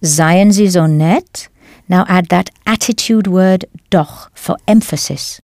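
A woman leading a scripted audio language lesson with clear, encouraging instruction. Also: lowish voice, slow, darkish tone, dry recording, studio quality. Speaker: language course teacher.

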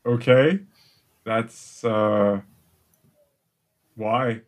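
A man game master voicing a dim, naive male ogre who asks slow, puzzled, childlike questions in a tabletop role-play. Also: lowish voice, steady tone. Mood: confused, naive.

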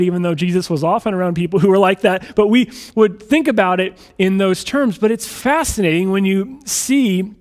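A man preaching a sermon in a conversational, animated storytelling manner. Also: high voice, normal speed, few pauses. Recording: hall reverb.

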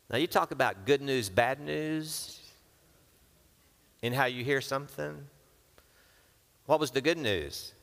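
A man's voice: mid-range voice, takes it slowly, gravelly, long pauses. A man preaching, his voice carrying a long reverb tail from a large hall. He reads scripture aloud, then drops into casual, playful asides where he voices the characters himself. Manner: lively, acts out characters with casual modern asides. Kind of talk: sermon with Bible reading.

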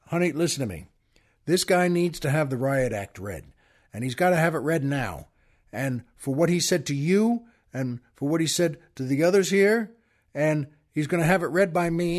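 A man hosting a podcast, telling a long story in a folksy, chatty way and talking straight to his listeners. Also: a little high. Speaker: podcast host. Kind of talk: storytelling monologue.

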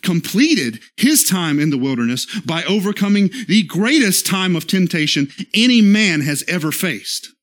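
Guy preaching a sunday sermon, earnest, keeps going "okay?" to the room, slows way down for scripture. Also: high-pitched, very animated. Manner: earnest preaching, often checking in with "okay?" and "right?"; slows for scripture quotes, acts out short dialogue. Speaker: pastor.

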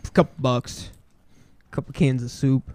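A man's voice: mid-range voice, fairly even intonation, moderate pace, darkish tone, dry recording. A man co-hosting a podcast in casual banter, crude and jokey, swearing often and slipping into silly voices. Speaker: podcast co-host.

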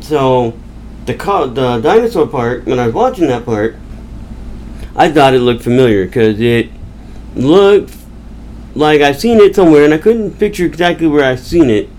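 A man's voice: medium pitch, expressive, normal speed, darkish tone, a little hiss or hum, poor audio. A man, the podcast host, rambling through a casual movie recap with chatty restarts.

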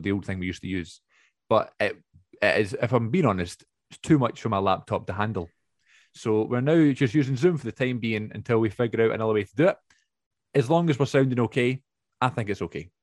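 A man's voice: on the low side, darkish tone, dry recording, studio quality. Chatty man hosting a podcast. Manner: chatty, rambling, laughs often. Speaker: podcast host. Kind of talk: casual chat. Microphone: remote video call.

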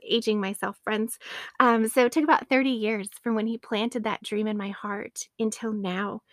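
A woman's voice: fairly high pitch, fairly even intonation, normal speed, no room sound, clean studio sound. A woman in her late thirties hosting a faith podcast, earnest and addressing her listeners as friends. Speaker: podcast host.

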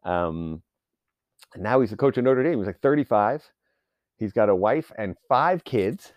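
A man's voice: fairly low pitch, expressive, unhurried, no echo, muffled recording. A man talking in a casual solo rant, profane, sarcastic and rambling as he goes.

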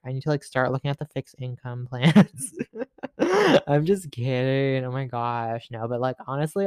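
A man's voice: medium pitch, darkish tone, smooth, dry recording, clean studio sound. A man in his late teens hosting a solo podcast, chatting in a rambling, profane way, full of filler words and giggles. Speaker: podcast host. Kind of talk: casual solo podcast chat.

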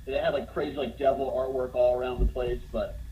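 A man telling a funny bar story in casual conversation, getting more animated as he goes. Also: a little fast, lo-fi sound, a little hiss or hum. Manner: animated, gets louder and higher as the story builds.

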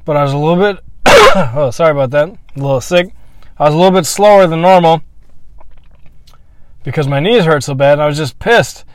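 Man, fairly high voice, dry close sound; blunt, swearing, reflective storyteller. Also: no echo. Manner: candid, blunt, swears freely; reflective, halting with restarts. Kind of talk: personal storytelling monologue.

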